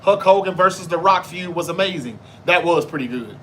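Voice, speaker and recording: Animated and brisk, this Southern host from Memphis, Tennessee, sits high in pitch with a somewhat bright tone. On his live show he reads out viewer comments and fires back casual, profane replies. There's a light hiss or hum in the recording.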